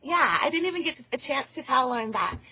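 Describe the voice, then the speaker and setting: A woman's voice: high voice, big pitch swings, a little fast, bright, forceful tone, slightly rough, dry recording. A woman on a phone call who rambles, loses her train of thought and laughs often. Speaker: caller.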